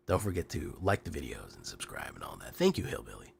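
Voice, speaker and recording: A sick man with a hoarse, deep and raspy voice, chatting casually as a game streamer with many fillers and quiet trailing asides. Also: very animated, a little fast, hardly any pauses, a little hiss or hum. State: hoarse from illness.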